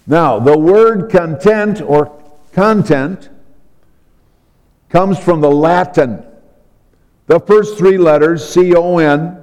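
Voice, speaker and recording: A man delivers a sermon at an unhurried, measured pace, his voice sitting a little above the usual pitch for a man. He explains his points deliberately and spells words out letter by letter. His voice trails off into the long reverb of a large hall. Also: darkish tone. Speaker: preacher.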